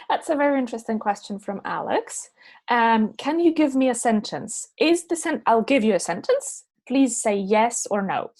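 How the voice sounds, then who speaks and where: Her voice is on the high side and a little mellow. She's a woman English teacher taking chat questions after an online lesson, speaking into a meeting microphone. Patiently, she confirms understanding with "yeah?" and "okay?".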